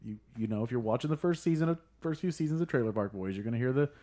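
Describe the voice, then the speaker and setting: A man's voice: medium pitch, animated, rapid-fire, mellow. A man co-hosting a podcast, chatting casually and rambling through his points. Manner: rambling, laughs often, many fillers. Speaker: podcast co-host. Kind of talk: casual chat.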